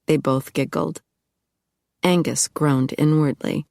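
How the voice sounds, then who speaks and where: A woman reads an audiobook in a low, wry voice. The sound is dry and close, with no room around it. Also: steady tone, slow pace, creaky, darkish tone, no room sound. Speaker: audiobook narrator. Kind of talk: scripted narration.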